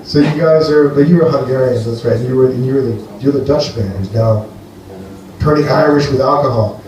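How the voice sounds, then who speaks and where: A man from Greece performs a loose, rambling stand-up set, dry and playful as he talks to the crowd. His voice sits at an ordinary middle pitch. The sound is very echoey and distant, with room noise clearly present behind him. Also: moderate pace. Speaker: stand-up comedian. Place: comedy venue with a live audience. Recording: echoey live room, heard from afar.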